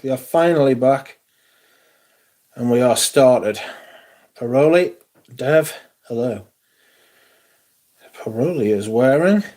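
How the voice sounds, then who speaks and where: Guy hosting a livestream, slow and drawn out, swears a lot and grumbles. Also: medium pitch, mellow. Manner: sweary, grumbling about technical trouble. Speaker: livestream host. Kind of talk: casual livestream chat.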